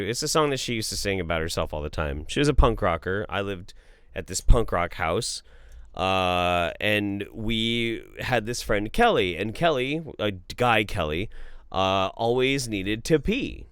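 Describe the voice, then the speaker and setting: A young man hosting a podcast, telling a story in casual chat, loose and profane, doing quick voices for the people he quotes. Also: lowish voice, lively intonation, fairly bright tone, clear, resonant tone, no room sound, clean studio sound. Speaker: podcast host.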